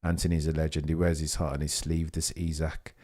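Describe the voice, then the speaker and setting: Man, deep low voice, young adult, live stream host, excitable rambling race commentary, chats with viewers. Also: brisk.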